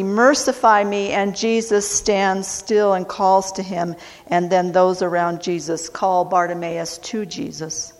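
A woman preacher delivering a sermon at a very unhurried pace, lingering over each phrase. She repeats key words for emphasis, and her voice trails off into a long hall reverb. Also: medium pitch.

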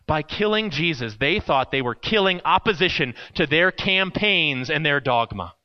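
Here a pastor's slightly high voice comes through a muffled recording. Earnest in his preaching, he dramatizes a personal story and plays the characters himself.

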